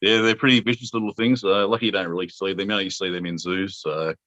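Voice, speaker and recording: A man's voice: sits low, little pitch movement, fast, fairly bright tone, dry recording, highs cut off. A middle-aged Australian man hosting a casual video chat, easygoing and chuckling. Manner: easygoing, laid-back, chuckling. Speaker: host.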